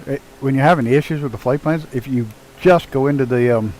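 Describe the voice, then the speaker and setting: Speaking a little fast in a mid-range, slightly mellow voice, a male streamer flies a flight sim at home with his dog close by. Loose and profane, he narrates his flying and chats with viewers during cockpit tasks, over poor audio with a little hiss or hum.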